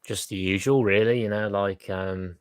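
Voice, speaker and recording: A man's voice: fairly low pitch, fairly even intonation, moderate pace, clean tone, no room sound. A man who is a guest on a podcast, talking in a hesitant, casual way that often trails off. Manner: hesitant, full of fillers and trailing off. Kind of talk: casual chat.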